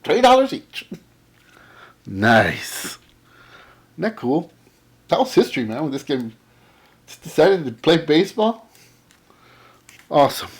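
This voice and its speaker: Husky, animated man gushing over cards. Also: a little high, a little slow, pauses often. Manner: enthusiastic, rambling, says awesome a lot. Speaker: comic and card collector vlogger. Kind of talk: casual haul show-and-tell.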